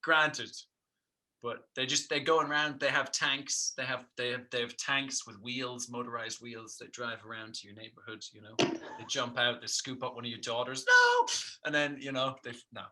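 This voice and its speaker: Bright, jokey man riffing on a podcast. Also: mid-range voice, steady tone, normal speed. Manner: rambling, jokey, riffing on absurd bits. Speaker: podcast co-host. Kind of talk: casual comedic chat.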